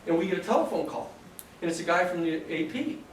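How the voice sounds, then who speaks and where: Lawyer guy spinning a courtroom story for a class, slightly high voice, faint hum behind him. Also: quick pace. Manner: animated, acts out quoted voices, restarts sentences. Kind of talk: casual anecdotal storytelling. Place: large echoey classroom or lecture room. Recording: echoey room, distant mic, faint ambience.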